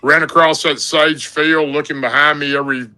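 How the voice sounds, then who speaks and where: A man's voice: on the high side, fairly even intonation, normal speed, sharp tone, smooth, low-quality recording. A man telling a long personal story in a rambling, folksy way, with many "and, uh" fillers, as a podcast guest. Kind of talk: casual storytelling.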